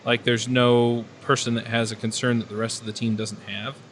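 A man of middle pitch chats about work on a podcast, thinking aloud and stopping now and then to find his words. A faint air-conditioner hum sits under his voice. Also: level tone, normal speed, a bit bright. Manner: thoughtful, hesitant with fillers. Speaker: podcast panelist. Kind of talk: casual technical discussion.

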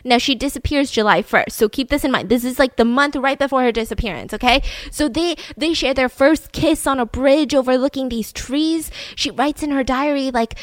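A woman's voice: high voice, brisk, few pauses, dry recording. A woman hosting a podcast, telling a true-crime story in a chatty way, swearing casually and laughing between points. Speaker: podcast host.

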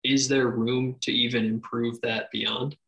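A man's voice: mid-range voice, flat delivery, unhurried, gravelly, fairly bright tone, rough recording. A man hosting a podcast interview, asking short, business-minded questions and adding brief affirmations. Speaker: podcast host.

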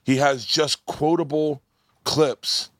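A man hosting a casual comedy podcast recorded live at a festival, telling animated stories and swearing freely. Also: fairly high pitch, slow, dry recording, clean studio sound. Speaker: podcast host.

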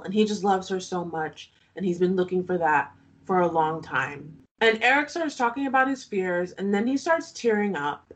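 A woman's voice: on the low side, expressive, normal speed. A woman co-hosting a podcast, recapping a reality show in casual chat, often laughing and making sarcastic asides.

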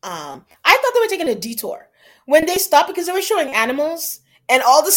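A woman's voice: high-pitched, very animated, a little fast. A woman co-hosting a podcast, chatting casually and animatedly about a reality show and quoting the cast in playful voices. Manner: chatty, quotes people in put-on voices. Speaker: podcast co-host. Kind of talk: casual recap chat.

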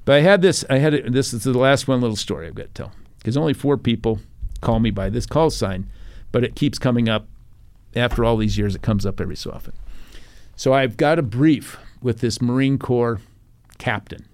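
A man's voice: mid-range voice, a little fast. An older man, a retired Navy captain, telling stories in a podcast interview, acting out quotes and laughing often. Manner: animated storyteller, acts out quotes, laughs often.

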